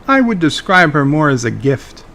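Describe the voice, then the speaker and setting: A man's voice: on the high side, sing-song, normal speed, a bit bright. A man voicing a smug, omnipotent male trickster who talks in teasing riddles.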